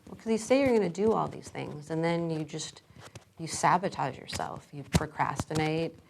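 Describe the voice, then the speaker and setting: A blunt, belittling inner critic speaks with scorn, put on by a woman in her everyday voice. The voice sits low with a gravelly edge. It nags rather than shouts. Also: normal speed, a little hiss or hum, poor audio. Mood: scornful.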